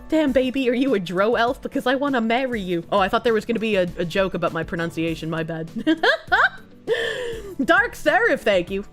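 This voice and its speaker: A woman streamer chatting casually with her viewers, thanking donors and swearing freely between quick laughs. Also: mid-range voice, lively intonation, faint music behind. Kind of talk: casual livestream chat, reading donations.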